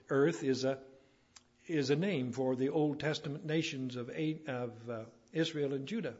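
A man preaching a sermon, building to emphatic peaks and then dropping low. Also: moderate pace, a little mellow, breathy edge. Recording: dull lo-fi recording.

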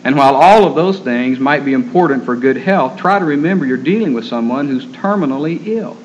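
A man preaching a sermon in an earnest, gentle storytelling manner. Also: medium pitch, lively intonation, brisk, slight background noise. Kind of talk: sermon on caring for the terminally ill. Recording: dull lo-fi recording.

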